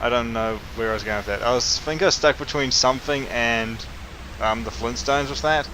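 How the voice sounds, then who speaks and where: A man's voice: mid-range voice, brisk, noisy background. A man giving casual, rambling, wry commentary over a video game playthrough. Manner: rambling, wry, chuckling to himself. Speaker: let's play host. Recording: dull lo-fi sound with game music.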